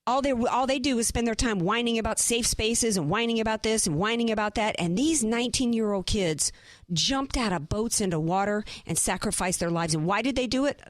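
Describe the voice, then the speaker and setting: Woman, radio host; emphatic, fired-up monologue, brighter pitch, dry studio sound. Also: a little fast, no room sound. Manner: impassioned, emphatic, rhetorical questions. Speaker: radio talk show host. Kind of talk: opinionated talk radio monologue.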